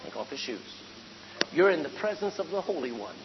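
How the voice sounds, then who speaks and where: Lively male preacher in an echoing hall. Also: fairly high pitch, a little fast, a crowd in the background. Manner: lively, conversational, shifting from loud emphasis to hushed tones. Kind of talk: sermon. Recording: dull, echoey hall with faint hum.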